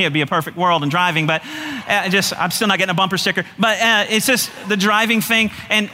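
A middle-aged male pastor preaching a sermon in an animated, folksy way, laughing often. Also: high-pitched, big-room sound, a little hiss or hum.

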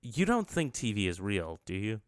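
A male podcast co-host playing an exasperated male soccer coach in his own voice in a comedy sketch, talking haltingly with many fillers. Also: on the low side, big pitch swings, no room sound, clean studio sound. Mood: weary.

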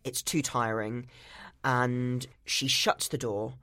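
A man's voice: medium pitch, flat delivery, slow, bright, forceful tone, dry recording. Man co-host retelling a film plot. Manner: retells film scenes step by step, quoting characters. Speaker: podcast co-host. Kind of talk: casual film recap chat.

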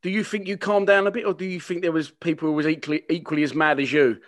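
A man's voice: a little high, fairly even intonation, fast. A male host asking questions in a casual interview chat, chipping in with short reactions and joking asides.

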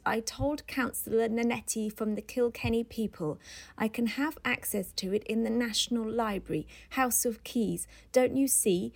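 Woman reading an earnest ad salesman guy, pleading, slow gravelly audiobook voice. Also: a little high, a little mellow. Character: eager earnest male ad canvasser.

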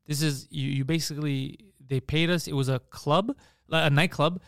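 A man's voice: on the high side, steady tone, normal speed, vocal fry, fairly bright tone, no room sound, clean studio sound. A man talking as a podcast host in a casual chat, telling stories animatedly and acting out other people's lines, swearing freely.

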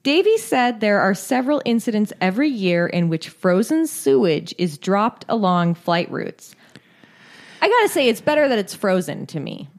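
A woman's voice: mid-range voice, sing-song, moderate pace. Woman podcast host, blunt and laughing. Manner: blunt, swears casually, laughs often. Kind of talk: casual chat and news reading.

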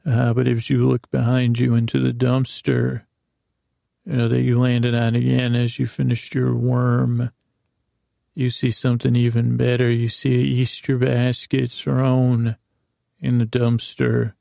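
A man telling a meandering, improvised sleep story, halting often with ums and restarts. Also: medium pitch, completely flat delivery, creaky, warm tone, dry recording, studio quality. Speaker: podcast host.

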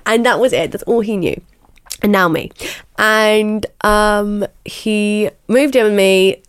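A young woman telling her own story frankly in a podcast interview, chatty and animated, filling her talk with "like" and the odd swear word. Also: medium pitch, takes it slowly, smooth, dry recording, clean studio sound. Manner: chatty, animated, peppers speech with "like", swears casually. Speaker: podcast host, guest being interviewed. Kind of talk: candid storytelling.

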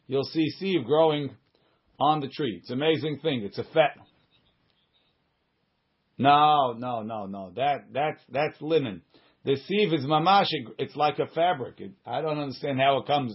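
A man leads a Talmud study class, reading each line of the text and then explaining it in plain, conversational English. He often restarts sentences and drops in side remarks. His voice is slightly husky, and the recording sounds dull and lo-fi. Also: fairly high pitch. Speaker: Talmud teacher.

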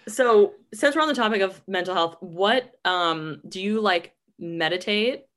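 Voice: mid-range voice, lively intonation, a little slow, a bit bright. A podcast host in casual chat who reacts to a guest's stories with shock and swearing.

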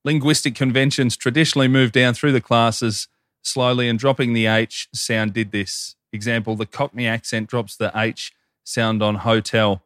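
Aussie bloke reading out fan mail on a podcast, mid voice, dry close mic. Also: male voice, mid-range voice, flat delivery, normal speed, a bit bright, dry recording. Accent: Australian. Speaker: podcast co-host. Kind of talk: casual chat, reading listener messages.

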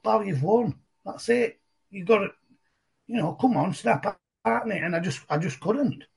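A middle-aged man with a broad Barnsley accent tells a personal story to a podcast host. His voice sits a little high for a man and is gravelly and husky. He talks in a chatty, rambling way and often repeats and restarts his phrases. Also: fairly bright tone. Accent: Yorkshire, Barnsley. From England. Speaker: podcast guest. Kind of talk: casual storytelling conversation.

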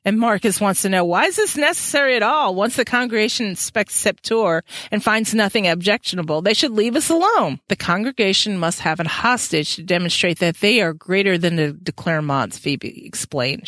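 A woman hosting a casual book chat, reading passages aloud, laughing often and adding quick asides. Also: mid-range voice, no room sound. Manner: animated, laughs often, reads aloud and quips. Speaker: podcast host.

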